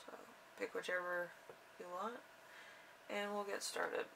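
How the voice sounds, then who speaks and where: A young woman giving a casual tarot reading in an unhurried, rambling way with drawn-out fillers. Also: mid-range voice, little pitch movement, vocal fry, recorded from a distance, background noise. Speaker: tarot reader.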